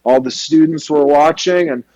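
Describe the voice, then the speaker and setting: Animated slangy male storyteller. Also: a little high, normal speed, dull audio. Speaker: hairstylist guest. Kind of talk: storytelling interview.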